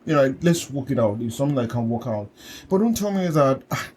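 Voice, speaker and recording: A man hosting a podcast, telling personal stories in an animated way, laughing often and acting out what people said to him. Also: mid-range voice, a little fast, a little hiss or hum. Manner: animated storyteller, laughs often, acts out quotes. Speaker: podcast host and coach. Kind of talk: casual conversational chat.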